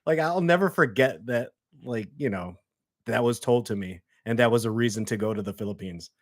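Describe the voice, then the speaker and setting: A man with a Chicago accent, a podcast guest talking loosely and haltingly in casual chat. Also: mid-range voice, dry recording, studio quality. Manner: halting, loose, full of fillers and restarts.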